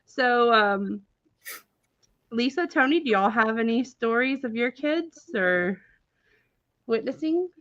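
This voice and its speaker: A woman's voice: fairly high pitch, takes it slowly, pauses often, no echo. Chatty woman hosting a live stream. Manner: animated, chatty, with many filler words and frequent laughter. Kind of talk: casual storytelling on a live stream. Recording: dull, dry, lo-fi stream audio.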